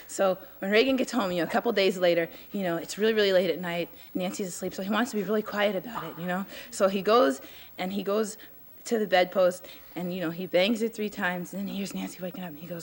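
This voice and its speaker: A woman telling a joke on a city street in a halting way, filling pauses with "uh" and "you know". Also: mid-range voice, a little hiss or hum.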